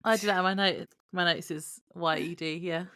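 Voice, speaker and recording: A woman co-hosting a podcast who chats casually, chiming in with short replies and quick jokes. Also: lowish voice, steady tone, fairly bright tone. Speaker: podcast co-host. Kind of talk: casual chat.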